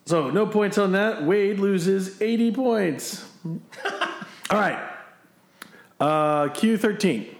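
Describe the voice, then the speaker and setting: A man's voice: sits high, takes it slowly, pauses often, echoey room. A man hosting a casual podcast movie quiz, chatty and self-deprecating, laughing often. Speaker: quiz host.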